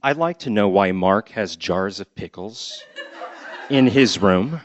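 A man's voice: lowish voice, animated, takes it slowly, dry recording, lo-fi sound. A man voicing a prim, formal female kindergarten teacher.

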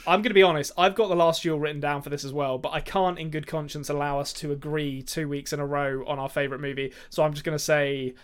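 A man's voice: a little high, fairly even intonation, quick pace, few pauses, smooth. A man co-hosting a casual movie podcast, talking in a rambling, jokey way with frequent laughs and restarts. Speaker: podcast co-host. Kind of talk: casual movie review chat.

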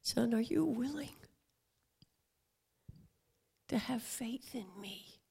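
A woman voicing God the Father, a gentle man who asks his questions in a soft whisper. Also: fairly high pitch, a little slow, vocal fry, slightly rough, full character voice.

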